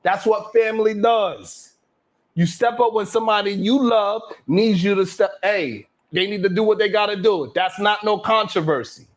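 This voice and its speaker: A man hosting his own live stream show, boasting and trash-talking the haters in a loud, hyped rant full of cursing. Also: high-pitched, normal speed. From Brownsville, Brooklyn.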